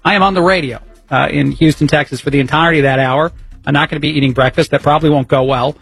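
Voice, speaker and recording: Chatty husky-voiced male radio host. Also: on the high side, fairly even intonation, quick pace, a bit bright, dry recording, soft background music. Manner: chatty, rambling, self-mocking, laughs at his own jokes. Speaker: fill-in radio talk host. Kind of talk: casual talk radio monologue. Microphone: studio broadcast microphone.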